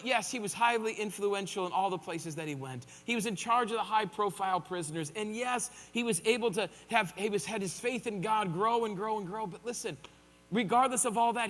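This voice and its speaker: High-voiced animated preacher in a hall. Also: male voice. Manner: animated storytelling with playful impressions. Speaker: pastor. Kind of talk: sermon. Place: church sanctuary.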